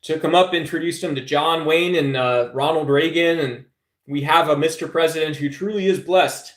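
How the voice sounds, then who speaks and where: A man's voice: a little high, moderate pace. A man hosting a live stream, rambling through a casual political rant to his chat and calling listeners brother. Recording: echoey room.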